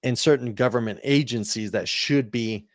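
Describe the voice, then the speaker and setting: A man co-hosting a casual podcast, speaking earnestly and a little haltingly, with restarts. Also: mid-range voice, dry recording. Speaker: podcast co-host. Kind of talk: casual chat.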